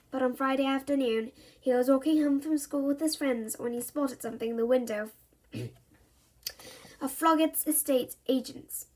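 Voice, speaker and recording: A woman reading a children's book aloud in a lively, expressive way. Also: high voice. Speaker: story reader.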